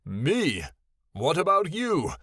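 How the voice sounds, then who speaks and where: A man voicing a proud, wounded male dragon who shouts in booming fury. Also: wildly swooping pitch, takes it slowly, no echo, studio quality, exaggerated voice. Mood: furious.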